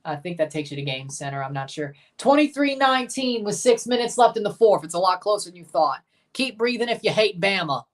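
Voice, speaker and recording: A woman hosting a live game watchalong, giving chatty, blunt reaction commentary and bursting into excited cheers. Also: medium pitch, a little fast, distant mic. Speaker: livestream watchalong host.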